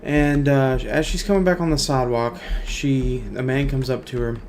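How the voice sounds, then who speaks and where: A man's voice: mid-range voice, fairly even intonation, moderate pace, darkish tone, slight background noise. A man streaming a video game, chatting casually and telling a long rambling joke. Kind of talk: casual chat while gaming.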